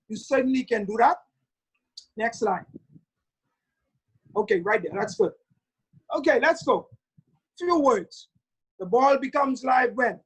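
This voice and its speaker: Husky, emphatic middle-aged referee instructor man. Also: very high-pitched, poor audio. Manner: emphatic, stretches key words slowly. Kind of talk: online training lecture. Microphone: video call.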